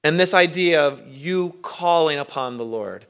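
A man preaching a sermon, earnest, asking rhetorical questions and swinging between loud emphasis and quiet. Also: fairly high pitch, animated, a little slow, clean tone. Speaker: pastor.

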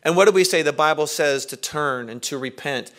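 A man preaching a sermon, earnest, asking rhetorical questions and swinging between loud emphasis and quiet. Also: on the high side, a little fast. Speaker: pastor.

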